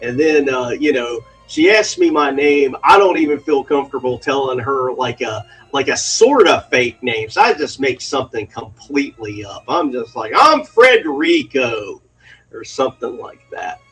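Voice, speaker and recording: A man's voice: medium pitch, moderate pace, few pauses, a bit bright, husky, faint music behind, rough recording. A man telling a crude personal story in a rambling, profane way, laughing as he goes.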